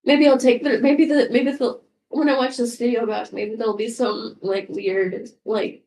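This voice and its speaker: A woman's voice: fairly high pitch, little pitch movement, normal speed, dark tone. A woman in her sixties rambling casually at home in a goofy, self-mocking way, swearing freely and drifting now and then into whispers. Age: 60s. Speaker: vlogger. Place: home room.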